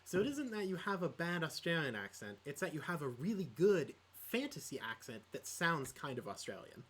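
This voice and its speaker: A man's voice: on the high side, sing-song, normal speed, fairly bright tone, breathy edge. A man co-hosting a casual podcast chat about tabletop games, rambling with lots of fillers and restarts. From Midwest United States. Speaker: podcast co-host.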